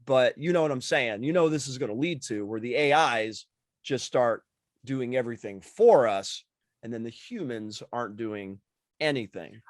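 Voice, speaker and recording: A man's voice: medium pitch, normal speed, dry recording, studio quality. A man speaking as a podcast guest in casual chat, rambling and leaning on filler words.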